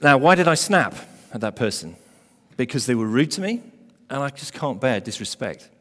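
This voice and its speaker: A man preaching a sermon as pastor, emphatic, building to loud stressed phrases. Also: mid-range voice, very animated, moderate pace. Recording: long hall reverb.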